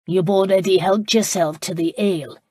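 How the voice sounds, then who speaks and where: Woman doing a slow, wary innkeeper. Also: medium pitch, fairly even intonation, darkish tone, husky, no room sound, clean studio sound, close to an everyday voice. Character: wary, plain-spoken Scottish innkeeper man. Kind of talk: audiobook character voice.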